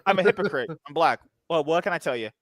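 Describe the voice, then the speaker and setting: A man hosting a podcast in casual, crude chat, often laughing and excitable. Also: on the high side, fast, no echo, clean studio sound. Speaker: podcast host.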